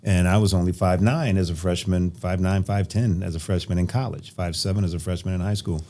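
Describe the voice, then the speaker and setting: Man, from Nebraska, low mellow voice, podcast guest, animated storyteller, casual chat. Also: fairly quick. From Nebraska, USA. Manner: animated storyteller, laughs while telling stories.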